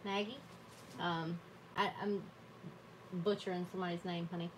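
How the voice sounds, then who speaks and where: A woman's voice: on the low side, little pitch movement, normal speed, far from the mic, background noise. A woman hosting a live stream from her home desk, chatting casually and laughing often at herself. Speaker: livestream host. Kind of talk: casual chat while journaling.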